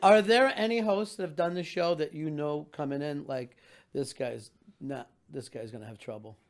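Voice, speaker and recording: An older man hosts a casual interview, easygoing and quick to laugh along. His voice sits somewhat high, and his questions run long. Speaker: interviewer host.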